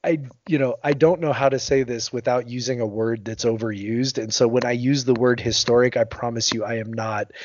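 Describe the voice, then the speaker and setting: A man's voice: medium pitch, steady tone, brisk, hardly any pauses, highs cut off, a little hiss or hum, natural voice. A man imitating a pompous male British radio presenter in a weak attempt at a British accent. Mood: solemn.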